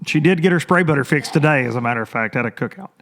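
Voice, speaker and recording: A man hosting a casual solo podcast, rambling and chatty, energetic, and often repeating his phrases. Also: a little high, very fast. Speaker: podcast host.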